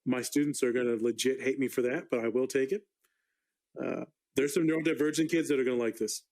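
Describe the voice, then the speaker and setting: A male therapist chatting on a podcast at a middling pitch. He explains things frankly, swears freely and teases with a playful edge. The talk is loose and unscripted. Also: fairly even intonation, a little fast, a little mellow, poor audio. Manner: candid, profane, playful. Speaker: therapist guest. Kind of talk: casual podcast chat.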